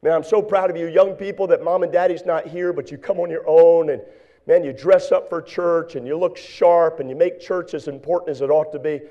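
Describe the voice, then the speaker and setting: A pastor preaching a sermon in church, swinging from hushed, quiet lines to shouted, fervent exhortation. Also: male voice, a little high, fairly even intonation, fairly quick, highs cut off.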